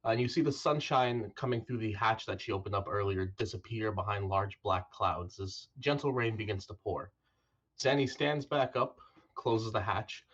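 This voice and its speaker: A man narrating as dungeon master in a tabletop game, descriptive and unhurried, on dull lo-fi stream audio. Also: lowish voice, fairly bright tone.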